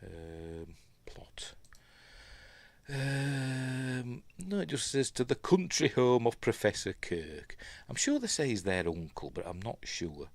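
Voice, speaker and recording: A man's voice: mid-range voice, very animated, slow pace, gravelly, no room sound. A middle-aged man with a Yorkshire accent, chatting casually and rambling through a film commentary at home, often correcting himself. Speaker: film reviewer.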